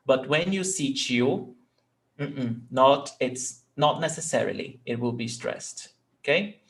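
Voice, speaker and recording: A man's voice: medium pitch, lively intonation, slow pace. A man, teaching an online language lesson patiently, repeating words and checking in with "ok?". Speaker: Portuguese teacher.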